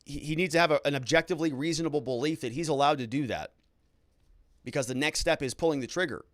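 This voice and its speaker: A middle-aged man hosting a casual legal livestream, reading viewer comments aloud and reacting with quick, chatty asides. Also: fairly high pitch, no room sound, studio quality. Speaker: lawyer host reading live chat comments.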